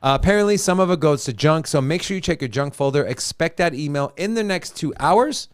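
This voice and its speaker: A man's voice: fairly high pitch, expressive, brisk, clean tone, no echo, studio quality. Casual joking male crypto host. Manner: loose and joking, repeats himself. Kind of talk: casual crypto chart talk.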